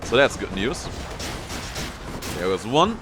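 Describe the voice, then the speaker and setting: A man's voice: lowish voice, very animated, slow pace, music in the background. A young man giving casual commentary on his own gameplay, playfully taunting enemies as he goes. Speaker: gameplay streamer.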